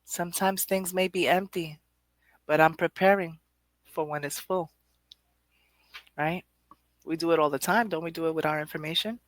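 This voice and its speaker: A woman's voice: deep voice, dry recording. A woman hosting a poetry show, giving a rambling, conversational motivational talk straight to her audience with frequent laughter. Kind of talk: motivational monologue.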